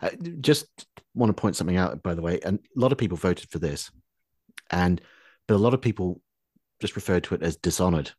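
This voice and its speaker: Deep-voiced podcast host. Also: male voice, lively intonation, darkish tone, husky, no echo, clean studio sound. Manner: measured, hesitant with fillers. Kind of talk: casual chat.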